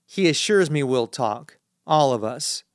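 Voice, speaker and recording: A man reading a first-person thriller as an audiobook narrator, in a measured, tense storytelling manner. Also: medium pitch, animated, dry recording, clean studio sound.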